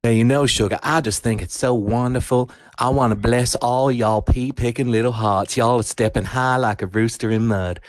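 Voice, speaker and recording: A man's voice: mid-range voice, fairly even intonation, moderate pace, few pauses, no echo, natural voice. A man putting on a syrupy Southern charmer. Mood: gushing. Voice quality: syrupy, folksy. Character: gushing sweet-talking Southern charmer. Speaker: promo voice.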